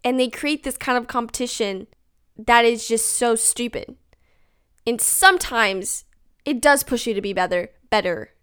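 On her own podcast, a young woman talks in a bright, clean, fairly high voice, a little on the slow side. She rambles chattily, leans heavily on "like," and makes herself the butt of her jokes.

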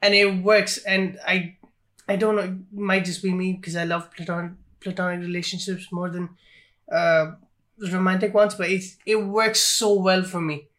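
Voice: mid-range voice, flat delivery, moderate pace, a bit bright. A podcast co-host chatting casually about films, hesitant with many likes and ums. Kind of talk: casual film chat.

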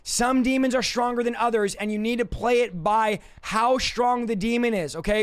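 A man's voice: very high-pitched, clean tone. A man preaching on a livestream, emphatic and confrontational, repeating his points for force. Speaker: deliverance preacher. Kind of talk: livestream teaching.

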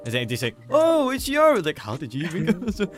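A man hosting a casual chat, telling stories in an animated, halting way with many restarts. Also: mid-range voice, faint music behind.

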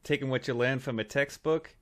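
A man's voice: mid-range voice, brisk, close to an everyday voice. A man putting on a brash Boston bar guy. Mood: mocking. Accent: Boston (put on badly).

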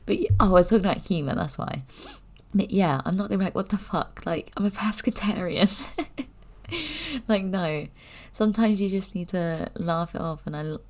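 A woman's voice: lowish voice, a little mellow. A young woman chatting candidly to camera, rambling and giggling as she talks. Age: young adult. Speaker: vlogger. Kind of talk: casual chat.

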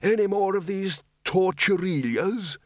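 A man voicing a very old, cheerful, rambling wizard in an audiobook, with a thin, wavering voice and slow, wandering speech. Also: high-pitched, no room sound, studio quality, pitched above the performer's own voice. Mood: grumbling. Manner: slow, drawn-out, wandering off topic. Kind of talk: audiobook character voice.

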